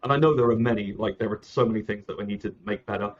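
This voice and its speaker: A man's voice: fairly low pitch, rapid-fire, lo-fi sound. A man talking casually as a founder in an interview, rambling and correcting himself often. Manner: rambling, self-correcting, frequent "like" and "um". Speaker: app founder, guest.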